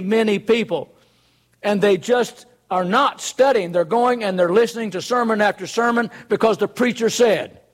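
A man preaching a sermon in an earnest, conversational way, full of rhetorical questions. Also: high voice.

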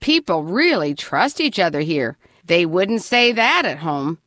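A woman voicing an eager, excited young boy. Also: on the low side, unhurried, no room sound, studio quality. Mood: amazed.

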